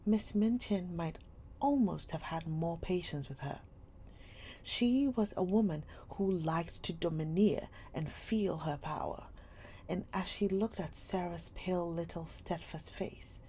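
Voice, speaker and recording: A woman reading a classic novel aloud live, slow and soft, often dropping near a whisper, with a faint hum behind. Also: fairly low pitch.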